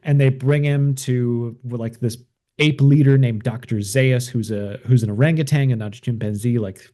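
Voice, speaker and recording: A man hosts a show where he casually retells a movie's story, wandering off track and filling it with verbal fillers. His voice is mid-range and warm, with fairly even intonation and a moderate pace.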